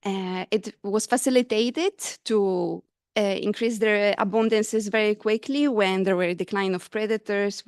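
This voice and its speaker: Woman, conference presenter, hesitant with fillers, slightly breathless, smooth clear voice, dry close sound. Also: mid-range voice, darkish tone, dry recording. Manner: hesitant, many fillers and restarts. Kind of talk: scientific conference talk. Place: conference hall.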